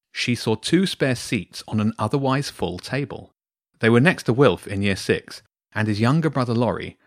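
A man reading his own bedtime story aloud to two boys, with a lively, expressive delivery. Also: lowish voice, dry recording, studio quality.

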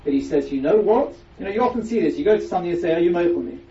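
A man's voice: on the high side, fast talker, warm tone. A man giving a Torah lecture, explaining with emphatic rhetorical questions. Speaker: rabbi giving a Torah class. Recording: echoey, distant, dull-sounding recording.

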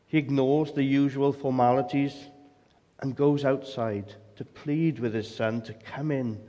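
A man's voice: medium pitch, fairly even intonation, unhurried, mellow, lo-fi sound. Male preacher, emphatic, asks rhetorical questions, voice rings in a long-reverb hall. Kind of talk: sermon.

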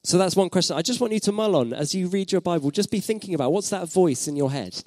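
A pastor in his thirties delivers a sermon in a voice that sits fairly high for a man, with a slightly mellow tone. He speaks quickly, expressively, and reflectively, posing questions to the congregation and repeating phrases for emphasis, in close, dry sound with no room noise.

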